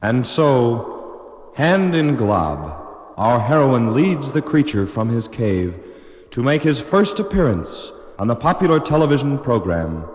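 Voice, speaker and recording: A man's voice: medium pitch, very animated, measured pace, echoey room, big-room sound. Theatrical male movie narrator. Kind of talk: mock-dramatic movie narration.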